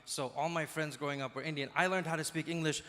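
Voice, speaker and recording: A man from Dubai doing a stand-up comedy set, talking quickly and slipping into put-on accents, recorded live in a large hall. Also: a little high, steady tone, a bit bright.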